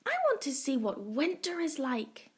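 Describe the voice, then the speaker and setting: A woman's voice: high-pitched, big pitch swings, unhurried, pitched above the performer's own voice. A woman doing a small stubborn girl tortoise. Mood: pleading. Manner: pleading, then cross and sad.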